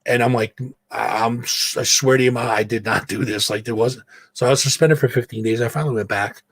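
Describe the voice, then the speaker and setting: A man's voice: medium pitch, brisk. A man hosting a podcast, casually telling a story and acting out the people in it with plenty of swearing. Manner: profane, animated storyteller, acts out quotes. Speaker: podcast host. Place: home studio. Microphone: own mic, mutes it to vape.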